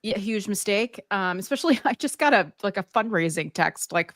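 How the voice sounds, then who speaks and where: A woman's voice: medium pitch, expressive, fairly quick, fairly bright tone, no room sound, studio quality. A woman co-hosting a casual political chat from New York, telling anecdotes and acting out quotes. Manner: storytelling, acts out quotes. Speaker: podcast co-host.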